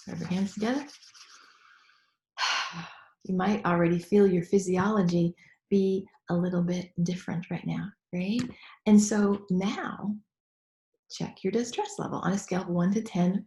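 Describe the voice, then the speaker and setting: A woman's voice: fairly low pitch, a little mellow, roomy sound. A woman business coach leading a guided tapping lesson in a casual, encouraging way, often checking in with "okay?" and "right?".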